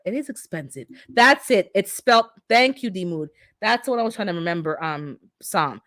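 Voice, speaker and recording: A woman's voice: medium pitch, lively intonation, moderate pace, hardly any pauses, fairly bright tone, no echo, studio quality. A middle-aged woman who immigrated to North America, hosting a casual livestream and chatting back to her viewers' comments. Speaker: livestream host reading the chat.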